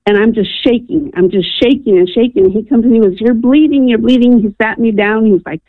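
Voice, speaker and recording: A woman's voice: medium pitch, fairly even intonation, a little fast, no echo. Earnest woman telling a story by phone. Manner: earnest storytelling, acts out quoted voices. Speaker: caller. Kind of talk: personal testimony over the phone. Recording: tinny phone line.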